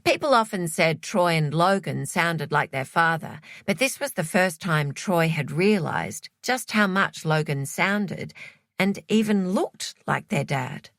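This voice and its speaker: A woman narrates an audiobook from a script, speaking slowly in a lively, lowish, gravelly voice. The recording is dry and studio quality.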